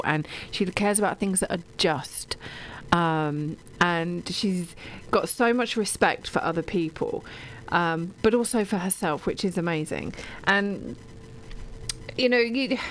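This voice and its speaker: A woman's voice: medium pitch, a little hiss or hum, rough recording. A middle-aged English woman chatting on radio about books, gushing and digressive, with lots of ums and restarts. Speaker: radio show guest or presenter talking books.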